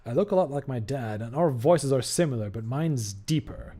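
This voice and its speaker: A man's voice: mid-range voice, lively intonation, moderate pace, mellow. A man streaming a video game, chatting casually, swearing and yelping as he fights a boss. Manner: chatty, swears, yelps at hits. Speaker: gaming streamer. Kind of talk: live gameplay commentary.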